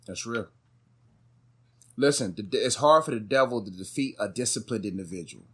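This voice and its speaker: A man's voice: on the low side, moderate pace, long pauses, fairly bright tone, husky. Young male co-host, casual motivational talker, emphatic and preachy. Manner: emphatic, preachy, repeats phrases for stress. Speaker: podcast co-host.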